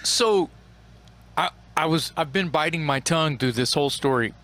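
A man's voice: on the high side, a bit bright. A man hosting a podcast, chatting casually with enthusiasm and swearing freely. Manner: enthusiastic, profane, quick to jump in. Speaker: podcast host. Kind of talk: casual chat.

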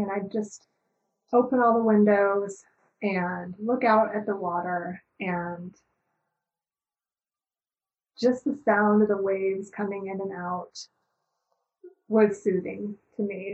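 A middle-aged woman talking slowly and calmly as an interview guest, reflective and searching, with many pauses. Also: mid-range voice, highs cut off.

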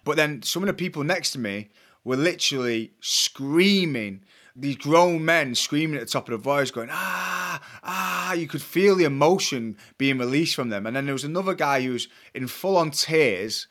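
A man's voice: medium pitch, expressive, normal speed, fairly bright tone. A man hosting a podcast, enthusiastically recounting his own experience and speaking to listeners. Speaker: podcast host. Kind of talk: casual conversational interview.

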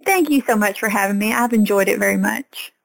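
A woman's voice: mid-range voice, fairly quick, creaky, low-quality recording. A woman farmer from Arkansas with a Southern accent, talking earnestly as a guest in a casual podcast interview. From Arkansas, USA.

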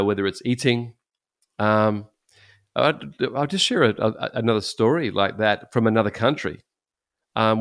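A middle-aged man, a pastor, telling stories in casual chat, animated and laughing often. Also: on the low side.

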